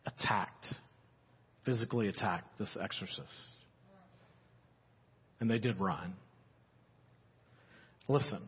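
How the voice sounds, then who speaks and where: Male pastor, husky, fervent sermon delivery, long church reverb. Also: muffled recording. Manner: builds to fervent rising climaxes, then drops low and quiet. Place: church sanctuary.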